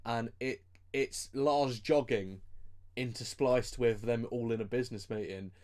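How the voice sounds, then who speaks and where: A male podcast co-host in loose, casual chat. He swears constantly and keeps laughing at his own stories. His pitch sits in the middle for a man. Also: unhurried, darkish tone. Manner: swears a lot, laughs often.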